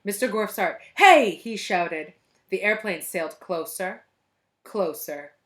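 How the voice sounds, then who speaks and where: A woman's voice: lowish voice, unhurried. A woman reading a children's book aloud expressively, now and then speaking to young listeners.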